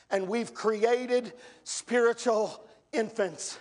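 A male pastor preaching an impassioned sermon in church, rising to shouts and calling out to the congregation. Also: sits high, measured pace.

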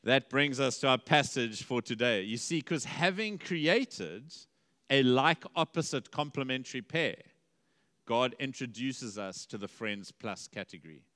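A male pastor preaching a conversational, lively sermon, dipping to quiet emphasis and rising to exclamations. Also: medium pitch, measured pace, long reverb tail.

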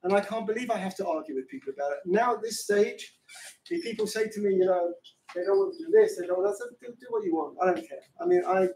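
A man's voice: sits high, quick pace, warm tone, slight background noise. A fervent rabbi lecturing a class, his voice picked up from a distance and ringing around a roomy hall. He drives his points home with pointed rhetorical questions, and a faint room ambience sits underneath. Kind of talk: impassioned Torah lecture.

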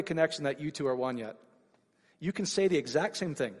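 Male preacher, animated sermon delivery, slightly high voice, reverberant church hall. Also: brisk, husky. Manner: animated, rising to excited shouts.

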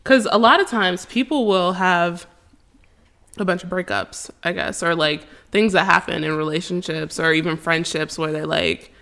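Woman, podcast co-host, casual chat, rambling, halting, bright tense voice. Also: lowish voice. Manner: rambling, halting, frequent "like", laughs between thoughts.

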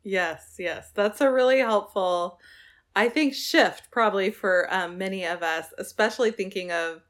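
Brief: woman host, mid-pitched, affirming, asks careful questions with lots of ums. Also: measured pace. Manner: warm affirming questions, many fillers. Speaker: podcast host. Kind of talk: podcast interview.

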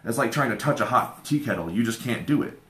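A man with a loud voice, insistently ranting and swearing through a heated argument with his partner. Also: mid-range voice, expressive, fast, reverberant.

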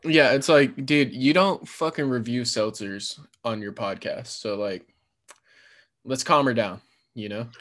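A man's voice: medium pitch, measured pace, fairly bright tone. A man co-hosting a podcast in loose casual chat, swearing often and filling his talk with "like" and "you know". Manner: loose and profane, lots of fillers. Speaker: podcast co-host.

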